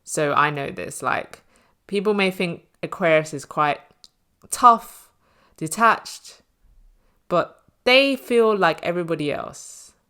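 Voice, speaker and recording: Chatty low-voiced woman tarot reader. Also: takes it slowly, pushed and bright, clear, resonant tone. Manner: chatty, reassuring, frequent "you know" fillers. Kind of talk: casual spoken tarot reading.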